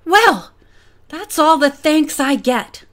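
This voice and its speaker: Lady reading a snooty arrogant older woman, high and scornful, storybook. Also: expressive, slow, fairly bright tone, exaggerated voice. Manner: scornful, indignant.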